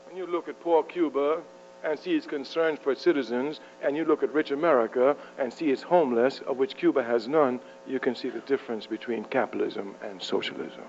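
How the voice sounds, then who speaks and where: A man's voice: mid-range voice, brisk, a little mellow. A man delivering an impassioned political speech to university students, rhetorical and fiery, chuckling at his own jokes. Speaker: public speaker addressing university students. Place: university lecture hall. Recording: muffled archival tape with mains hum.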